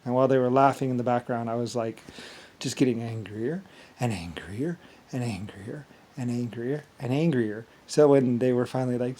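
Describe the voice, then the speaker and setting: A man's voice: medium pitch, dark tone. A man talking alone in a rambling monologue, stumbling and repeating words as he goes. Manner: halting, repeats words, trails off. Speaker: vlogger.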